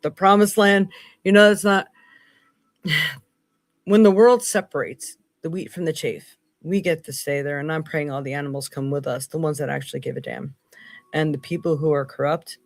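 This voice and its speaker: A woman hosting a live psychic tarot reading. She speaks earnestly and swings between loud emphasis and hushed asides. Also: low voice. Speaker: psychic tarot reader and host.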